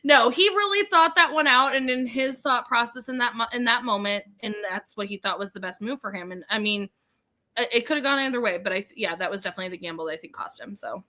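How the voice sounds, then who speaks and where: A woman's voice: on the high side, fast talker, pushed and bright. A woman co-hosting a podcast, breaking down a reality show in chatty talk with frequent restarts. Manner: chatty, restarts and repeats herself. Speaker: podcast co-host. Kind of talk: casual podcast recap chat.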